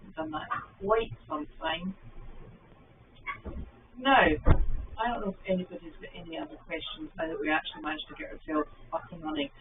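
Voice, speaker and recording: A woman's voice: sits high, background noise. A middle-aged Scottish woman hosting a livestream, telling rambling anecdotes and answering viewers' comments in casual chat. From Scotland. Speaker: livestream host. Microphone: phone livestream. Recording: phone-like sound from a distance.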